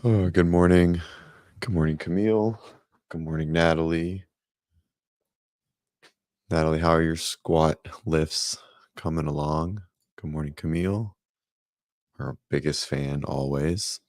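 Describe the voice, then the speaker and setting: A man's voice: very deep voice, fairly even intonation, a little slow, pauses often, a little mellow, no echo, clean studio sound. A man hosting a casual morning fitness livestream from home, chatting loosely, greeting viewers by name and rambling as he goes. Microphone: desk microphone.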